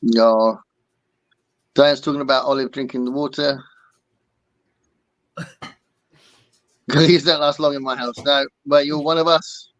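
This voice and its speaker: A man's voice: medium pitch, fairly even intonation, a little slow, long pauses, fairly bright tone, dry recording, lo-fi sound. An English man hosting a casual podcast chat, reading out viewer comments with frequent ums and laughs. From England. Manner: chatty, laughs often, many ums. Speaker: podcast host.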